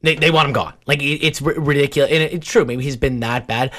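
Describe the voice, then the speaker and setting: A man's voice: medium pitch, fast talker, fairly bright tone. A young man co-hosting a sports podcast, ranting in an exasperated way about rude fans in casual chat.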